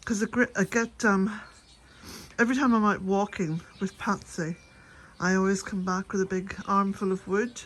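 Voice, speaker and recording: A woman's voice: medium pitch, steady tone, normal speed. Irish woman, own voice, gardening vlog, chatty and laughing, slightly breathless outdoors. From west of Ireland. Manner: chatty, rambling, laughs often. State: a bit out of breath. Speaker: cottage gardening vlogger. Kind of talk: casual chat to camera. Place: outdoors at a cottage garden and shed.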